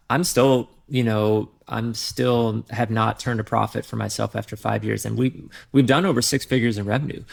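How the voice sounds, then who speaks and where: A man, a software founder, talking candidly in a podcast interview, rambling with many fillers and restarts. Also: fairly low pitch, creaky.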